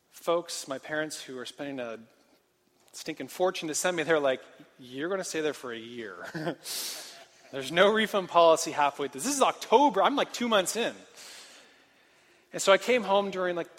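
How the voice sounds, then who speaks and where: Young male speaker, slightly high voice, animated and self-mocking storytelling, long hall reverb. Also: moderate pace, long pauses. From Portland, Oregon. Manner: animated, self-deprecating, casual filler-heavy. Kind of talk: storytelling sermon.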